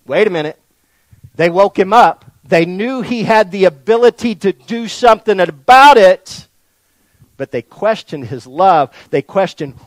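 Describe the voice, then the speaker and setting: A man preaching a sermon to a congregation, folksy and animated, swinging from near-shouts down to soft, low lines. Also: measured pace, long pauses, no room sound, poor audio. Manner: folksy, addresses the congregation directly. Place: church in front of a congregation.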